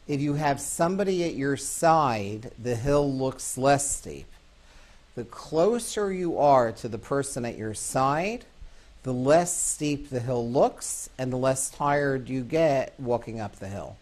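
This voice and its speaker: A man's voice: medium pitch, animated, a little mellow. A man, a psychologist, giving a recorded talk on grief and comfort, telling stories with emphatic rises and sometimes restarting his words. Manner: storytelling, with emphatic rises on key phrases; pauses and restarts words mid-sentence. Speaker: psychologist lecturer.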